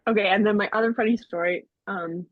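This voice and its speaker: A woman's voice: medium pitch, steady tone, fairly quick, no room sound. A young woman telling personal stories as a podcast guest, chatty, with lots of fillers and laughs. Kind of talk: casual storytelling interview. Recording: dull, slightly muffled audio.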